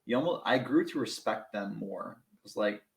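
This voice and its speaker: A young man, a podcast guest, telling casual stories in an animated, self-mocking way and laughing through them. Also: on the low side, normal speed, creaky, roomy sound, poor audio. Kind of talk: casual storytelling.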